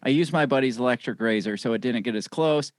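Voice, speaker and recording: A man's voice: mid-range voice, fast, dry recording. A man guesting on a podcast, joking and laughing through profane, casual banter.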